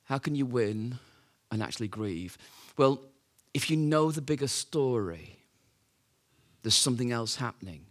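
A male preacher tells a story to his congregation in an easy, chatty way. He asks rhetorical questions and drifts between loud, lively moments and quiet ones, his voice at an ordinary middle pitch. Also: measured pace. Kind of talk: sermon.

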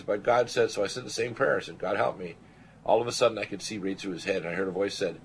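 This older man, a Canadian radio show host, speaks on the low side with a bit of background noise. He gives a personal account with earnest conviction, playing out the voices of people he quotes.

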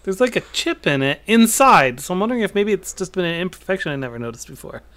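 A man's voice: sits high, sing-song, fast talker, fairly bright tone. A man co-hosting a casual podcast, talking in a dry, matter-of-fact way. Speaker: podcast co-host.

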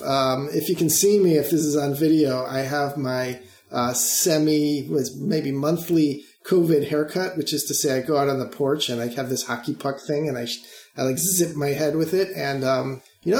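Chatty podcast host with a gravelly voice. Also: male voice, a little high, moderate pace, darkish tone, echoey room. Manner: chatty, jokey, prone to fillers. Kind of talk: casual podcast conversation.

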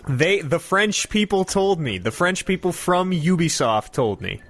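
A man hosting a casual podcast, joking around with rambling, quick asides. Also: sits high, very animated, fairly bright tone. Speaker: podcast host. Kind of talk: casual chat. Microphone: remote call mic.

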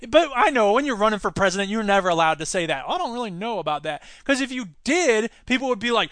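A man hosting a solo commentary podcast, his voice pitched high and ringing bright. He talks in an animated, sarcastic way, tossing in quick asides. The sound is dry and close, with no room around it. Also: no echo. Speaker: podcast host.

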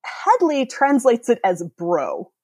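A woman's voice: on the high side, wildly swooping pitch, slow pace, darkish tone, dry recording. A woman in her thirties, a podcast guest, explaining ideas eagerly in casual chat and laughing often.

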